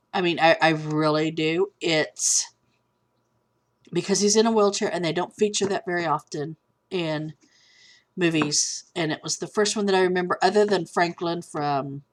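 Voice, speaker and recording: A woman's voice: lowish voice, a little slow, pauses often. Chatty woman vlogger. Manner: chatty, candid, easily sidetracked. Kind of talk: casual chat. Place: at home with a cat.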